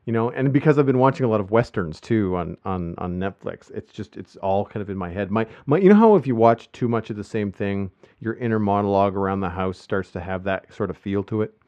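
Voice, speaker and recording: A man's voice: fairly low pitch, animated, fairly quick, few pauses, darkish tone, dry recording. A man chatting on a podcast in a loose, rambling way, with many restarts and fillers. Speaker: podcast host. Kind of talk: casual podcast chat. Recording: muffled lo-fi podcast audio.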